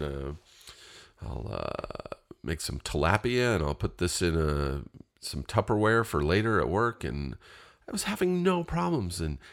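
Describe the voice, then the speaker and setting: A man with an extremely low, deep voice tells a rambling personal story in a casual, animated way. He swears freely and acts out both sides of his phone calls.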